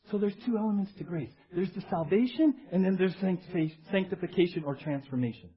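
A male pastor delivering an animated, emphatic sermon, calling out to the congregation. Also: high-pitched, fairly quick, few pauses, lo-fi sound.

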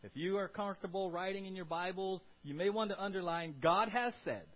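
A man preaching with a fairly high voice, often asking the room "right?" and stressing his points. He acts out quoted lines with his voice rising and falling. The recording is dull and lo-fi. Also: steady tone, brisk. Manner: emphatic, punctuates points with "right?" and "good". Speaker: pastor. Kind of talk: sermon.

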